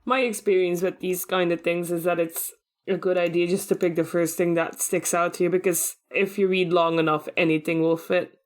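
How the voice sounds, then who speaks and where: A woman with a lowish, level voice speaks at a moderate pace as a podcast co-host and episode editor. Chatting casually about tabletop games, she thinks aloud while reading, with a dry sense of humor.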